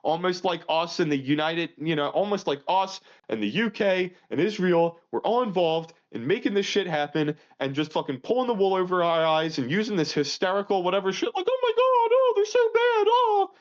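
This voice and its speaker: A podcast co-host with a fairly high voice rants crudely and casually, lurching between loud outbursts and low mutters. He talks a little fast with hardly any pauses, and the audio is muffled and lo-fi.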